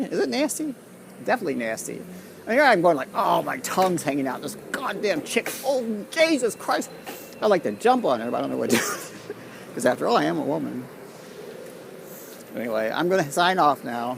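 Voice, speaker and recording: A man's voice: a little high, vocal fry, slight background noise. A man walking outdoors along a city street, delivering a profane, conspiratorial rambling monologue. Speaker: street vlogger.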